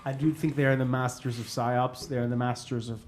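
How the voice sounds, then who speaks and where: A man's voice: medium pitch, level tone, fairly quick, a little hiss or hum. A man hosting a podcast in casual chat, talking into a studio microphone, swearing freely and laughing often. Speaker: podcast host. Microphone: studio microphone with headphones.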